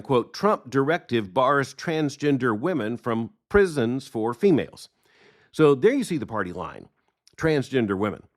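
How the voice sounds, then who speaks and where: A middle-aged man hosting a daily news commentary show, reading out news quotes and responding in a measured, emphatic way. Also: mid-range voice. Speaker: podcast host.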